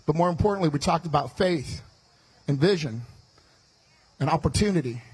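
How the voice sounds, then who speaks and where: A man from the Chicago area giving a fiery rally speech on a state fair stage into a stage microphone, talking fast and loud and shouting his punchlines as a running mate. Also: on the high side, animated, slightly rough, low-quality recording.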